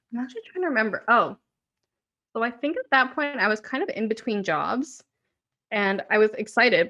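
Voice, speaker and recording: A woman's voice: on the high side, fairly bright tone. A woman in her twenties, co-hosting a podcast, telling rambling stories in casual chat with frequent "like". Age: 20s. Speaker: podcast co-host.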